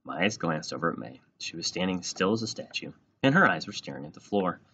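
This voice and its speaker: A man reading a children's book aloud in an animated, playful way. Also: sits low, fairly quick, lo-fi sound, a little hiss or hum. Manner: animated, plays out every line. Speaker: reader.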